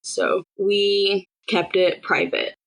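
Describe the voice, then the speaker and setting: Young woman telling her story straight, lots of vocal fry, middle pitch. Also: level tone, slow pace, rough recording. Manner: candid, matter-of-fact retelling with quoted dialogue. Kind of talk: personal storytelling.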